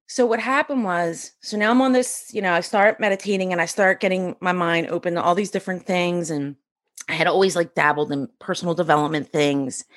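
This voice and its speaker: A middle-aged woman with a voice on the low side is a guest on a podcast. She tells her story casually and with plenty of animation, acting out the voices of the people she quotes.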